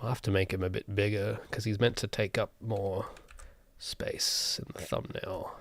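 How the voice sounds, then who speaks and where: A man's voice: fairly low pitch, flat delivery, moderate pace. An Australian man chatting casually on a livestream as a solo game developer, rambling with self-mocking jokes and frequent restarts. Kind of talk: casual livestream chat while drawing.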